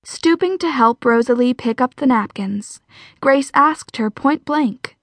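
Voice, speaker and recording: A woman narrating a romance audiobook in a steady, even storytelling voice. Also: high voice, measured pace, no echo. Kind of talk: scripted narration.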